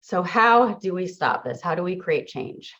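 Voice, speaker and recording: A woman with a low, deep-set voice delivers an earnest, reflective motivational talk to a listening audience. She sounds middle-aged and speaks as a teacher and coach. The recording is dull and lo-fi. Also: expressive, a little slow, fairly bright tone.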